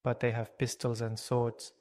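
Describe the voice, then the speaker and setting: Kindly storybook doctor, soft and measured, unhurried, read by a man. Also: mid-range voice, completely flat delivery, lightly acted. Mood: thoughtful. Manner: gentle, measured, polite. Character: kind calm male doctor, middle-aged.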